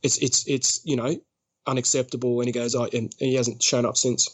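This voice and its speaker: A man's voice: medium pitch, fairly quick, husky. An Australian man on a podcast, telling a story casually and acting out what other people said. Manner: lively, acts out other people's lines, laughs often. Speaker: podcast guest.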